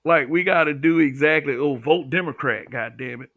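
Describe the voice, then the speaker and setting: A man's voice: on the high side, moderate pace, no room sound, phone-quality sound. A man hosting a livestream, talking bluntly with profanity and reading viewer comments. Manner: blunt, profane, talks back to chat.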